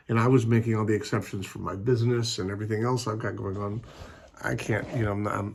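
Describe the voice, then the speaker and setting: Low gravelly guy rambling at home, lots of um and restarts, casual vlog talk. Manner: rambling, hesitant, many fillers and restarts. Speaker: vlogger.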